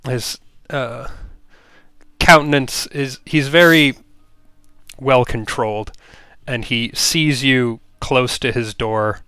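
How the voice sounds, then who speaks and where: A man narrating a tabletop role-playing game as game master, describing scenes with many pauses. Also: mid-range voice, fairly even intonation, bright, forceful tone, clean tone, dry recording. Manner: descriptive, with frequent filler pauses.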